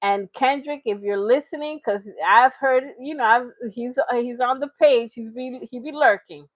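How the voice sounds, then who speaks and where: A woman hosts a reaction channel, giving casual, chatty commentary with frequent laughter and slipping into mocking impressions. Her voice is a little high at a moderate pace, and the audio is dull with no echo.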